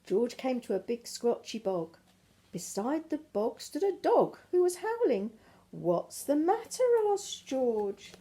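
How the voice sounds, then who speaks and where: An older woman reads a picture book aloud. She breaks off often for gentle, chatty asides to the children. Her voice is mellow and fairly high. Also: very animated, unhurried, slightly rough. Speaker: grandmother reading aloud.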